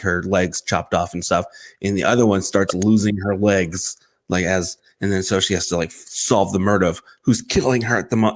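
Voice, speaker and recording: A man co-hosting a comedy chat show, telling a story in a rambling, animated way. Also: fairly low pitch. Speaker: co-host.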